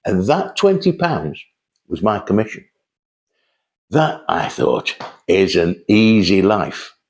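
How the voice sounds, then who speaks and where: Speaking slowly in a low, sing-song voice, an older man rambles through chatty anecdotes from his first years in sales. It's a relaxed monologue from a host who tells sales stories.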